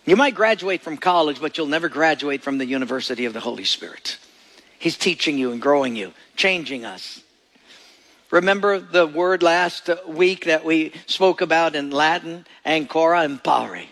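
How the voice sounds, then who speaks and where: A man preaching a sermon as pastor, storytelling and acting out voices in his anecdotes, with a gravelly voice. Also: on the high side, animated, moderate pace, a bit bright. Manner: storytelling, acts out voices in quoted jokes. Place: church sanctuary. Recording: long reverb of a large hall.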